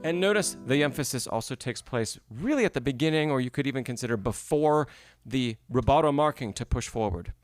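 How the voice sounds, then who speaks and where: Brisk and expressive, a man with a medium-pitched voice is recorded in clean studio sound without room noise. He coaches a piano student in a live-streamed masterclass, explaining phrasing patiently and regularly asking "right?" and "yes?".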